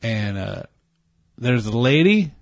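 A man's voice: medium pitch, big pitch swings, slow pace, vocal fry, no echo. A man in crude, casual banter, telling rambling, profane stories as a podcast co-host.

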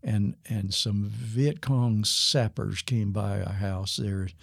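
Older man, former pastor, guest storyteller, gravelly, slightly husky. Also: fairly low pitch, steady tone, no echo, clean studio sound. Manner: unhurried storytelling that acts out quoted dialogue. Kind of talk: storytelling in a podcast interview.

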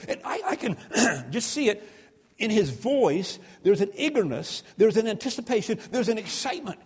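A man's voice: high-pitched, animated, fairly quick, husky. A man preaching a sermon, telling stories, reading scripture aloud and asking his listeners questions. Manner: storytelling, asks the listeners questions; reads scripture aloud, drops to a hush for prayer. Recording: long hall reverb.

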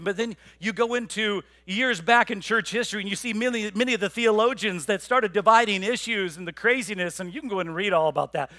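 A male pastor delivering a passionate sermon to his congregation, swinging from loud rallying appeals to low, quiet emphasis. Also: no echo. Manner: passionate preaching, swelling loud then dropping low; repeats words, conversational asides to the congregation. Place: church.

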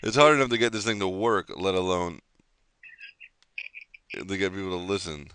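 A man's voice: low-pitched, normal speed, a bit bright, clean tone. A man hosting a casual podcast at home, sarcastic and grumbling, swearing often. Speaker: podcast host. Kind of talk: casual chat.

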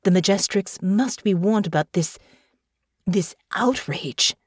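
A woman voicing Delphinia, a tall, grim, knowing young noblewoman, speaking low, slow and soft in an audiobook. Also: breathy edge, dry recording, studio quality. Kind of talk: audiobook character voice.

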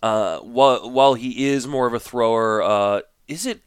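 A young man co-hosting a casual baseball podcast, thinking aloud in a relaxed way with fillers; French was his first language. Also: mid-range voice, normal speed, clear, resonant tone, no echo, clean studio sound. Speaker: podcast co-host.

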